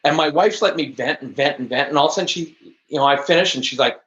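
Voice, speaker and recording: A man speaking as a guest on an interview podcast, telling stories with high energy and emphasis. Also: fast, a bit bright. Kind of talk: interview conversation. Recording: echoey, dull lo-fi audio.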